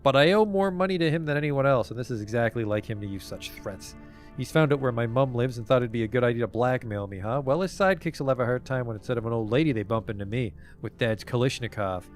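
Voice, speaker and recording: A man voicing a hoarse, jumpy male smuggler who swings between eagerness and snarling threats, read from game dialogue. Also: mid-range voice, fast, soft background music, natural voice. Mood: grudging. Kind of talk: reading game dialogue aloud.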